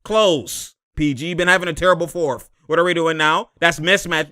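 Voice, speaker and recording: A man giving a casual breakdown of basketball footage, animated and often laughing, using street slang and coaching the players aloud. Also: on the high side, moderate pace, no echo, studio quality. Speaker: basketball commentator.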